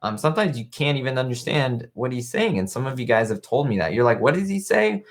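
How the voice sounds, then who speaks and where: A man's voice: medium pitch, quick pace. Chatty man hosting a live stream. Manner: chatty, rambling, reads viewer chat aloud. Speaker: show host. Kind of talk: casual live-stream commentary. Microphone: webcam live stream.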